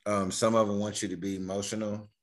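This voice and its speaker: Deep-voiced guy on a podcast, laid back, just says it how it is. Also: level tone, quick pace. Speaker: podcast co-host. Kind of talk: casual podcast chat.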